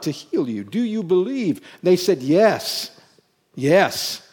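Emphatic preacher, a man with a mellow voice. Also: medium pitch. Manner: emphatic, repeats phrases, rhetorical questions. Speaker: pastor. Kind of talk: sermon.

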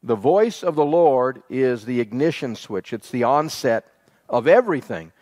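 A man with a fairly high voice preaches an earnest sermon, quoting scripture and stretching out key phrases for weight. His voice rings with a long hall reverb.

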